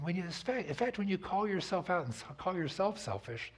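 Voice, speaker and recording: A man's voice: high-pitched, big pitch swings, a little fast, breathy edge. A man preaching a sermon as pastor, telling stories in a conversational way and asking the congregation to repeat after him. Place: church sanctuary.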